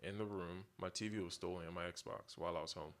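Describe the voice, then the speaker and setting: A man with a fairly low voice, chatting casually as a podcast host in his home studio. He tells stories in an animated way and slips into the voices of the people in them. The talk is relaxed and conversational. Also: fast. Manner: animated storytelling, acts out quoted voices.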